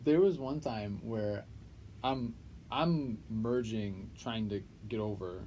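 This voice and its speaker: A young man co-hosting a podcast, chatting casually and telling stories with lots of swearing and loud acted-out quotes. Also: on the low side, slow, slight background noise, low-quality recording. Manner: animated storyteller, swears freely, acts out quotes loudly. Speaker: podcast co-host. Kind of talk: casual chat.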